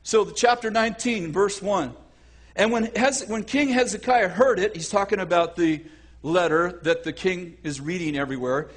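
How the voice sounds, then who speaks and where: A male preacher giving a lively sermon, acting out voices and often restarting his sentences. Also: high voice, normal speed. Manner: animated, acts out voices, self-correcting.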